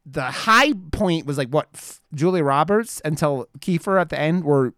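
A man's voice: on the high side, lively intonation, moderate pace, a bit bright, no room sound, clean studio sound. Rambling, foul-mouthed man in his thirties. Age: 30s. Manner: rambling, swears freely, lots of fillers. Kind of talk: casual chat.

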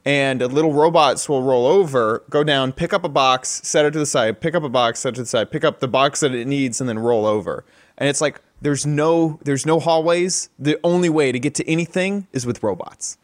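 A man's voice: medium pitch, moderate pace, no room sound, studio quality. A man in a casual podcast chat, rambling and describing ideas at length. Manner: rambling, many "like" fillers.

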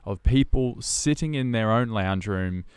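A man hosting a casual podcast chat, easygoing and quick to agree. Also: lowish voice, lively intonation, darkish tone, clean tone, no room sound. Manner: easygoing, frequent short agreements.

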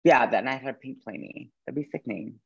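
A man's voice: mid-range voice, a little fast, gravelly, breathy edge, lo-fi sound. A man from Madison, Wisconsin, a drag performer chatting as an interview guest, gushing and campy with lots of playful slang. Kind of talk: casual interview chat.

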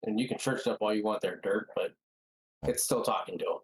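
A man's voice: lowish voice, brisk, poor audio. A man co-hosting a podcast in casual chat, playfully arguing and jabbing at his partner. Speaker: podcast co-host.

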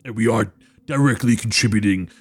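A man narrating as game master of a tabletop role-playing game, quick to laugh with his players. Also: on the low side, background noise.

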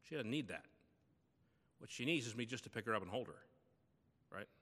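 Male pastor, conversational sermon, bright tone, reverberant sanctuary. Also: mid-range voice, expressive, fairly quick, husky. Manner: conversational storytelling preaching.

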